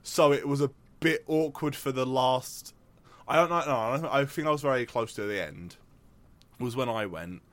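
A young man co-hosting a podcast in relaxed, casual chat. He rambles from tangent to tangent, stacking up fillers and false starts as he tells his stories. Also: medium pitch, normal speed. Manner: rambling, tangent-prone, with many fillers and restarts. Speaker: podcast co-host.

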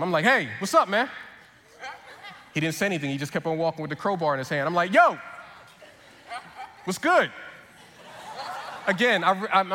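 Man, pastor, sermon storytelling, animated, repeats words, high voice, long hall reverb. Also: a little hiss or hum.

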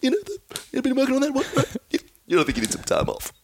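A man's voice: very high-pitched, wildly swooping pitch, rapid-fire, background noise, pitched above the performer's own voice, heavily acted. An Australian man voicing Stewie, a smug, precocious cartoon baby boy, giggling through the impression. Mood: teasing.

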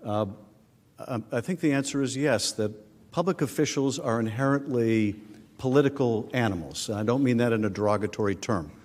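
A man's voice: medium pitch, normal speed, a little mellow. A man presenting a formal legal argument at a podium microphone in a large chamber, earnest and pressing his points. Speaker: prosecuting manager. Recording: long reverb in large chamber.

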